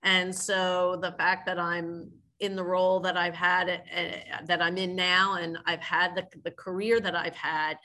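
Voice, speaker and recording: A woman's voice: lowish voice, flat delivery, a little slow, few pauses, bright, forceful tone. A woman being interviewed on a podcast, talking earnestly and reflectively, often restarting her sentences. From family from France. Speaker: podcast guest, business leader. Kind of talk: casual interview talk.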